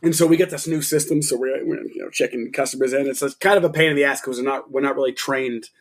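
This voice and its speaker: A young man co-hosting a podcast, answering with quick short reactions and telling his own profane work story. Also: medium pitch, steady tone. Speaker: podcast co-host. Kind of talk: casual storytelling chat.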